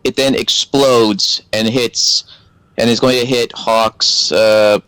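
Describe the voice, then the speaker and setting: Man player, mid-pitched voice, dry close sound, methodical rule talk. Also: steady tone, takes it slowly, a bit bright, clean tone, no echo, poor audio. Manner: methodical, explaining rules step by step. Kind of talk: casual tabletop game play.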